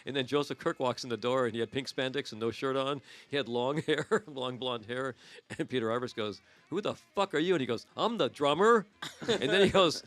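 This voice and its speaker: A man in his sixties rattles off stories at a brisk clip as a podcast guest. His pitch sits in an ordinary middle range, and he keeps breaking into laughter. He acts out the voices of the people in his stories. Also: fairly bright tone, no room sound. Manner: laughs a lot, acts out quotes. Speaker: guest musician. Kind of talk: casual storytelling chat.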